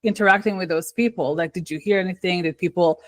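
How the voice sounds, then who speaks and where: A woman hosting a podcast, asking questions in a casual, soft-spoken and slightly hesitant manner. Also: lowish voice, fast. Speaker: podcast host. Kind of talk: conversational interview.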